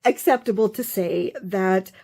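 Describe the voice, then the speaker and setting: A woman's voice: medium pitch, unhurried, creaky, darkish tone. A woman vlogger and craft author showing her work in a casual show-and-tell, effusive and openly proud.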